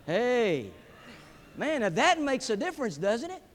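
A man preaching a sermon to a live audience, swinging between loud emphatic peaks and hushed drops. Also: very high-pitched, sing-song, unhurried. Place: large hall with a live audience. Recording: long hall reverb.

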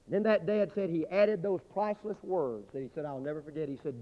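A man preaching a sermon, telling a story dramatically and swinging from loud to hushed. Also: a little high, brisk, hardly any pauses. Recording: dull lo-fi recording with long hall reverb.

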